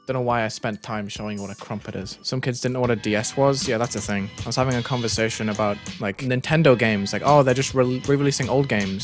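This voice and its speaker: A young British man talking in a put-on American accent, commentating his own game live on stream and yelping at his deaths. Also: mid-range voice. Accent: American, put on over a British one. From Britain. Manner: excitable, yelps and shouts at in-game deaths. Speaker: gaming streamer.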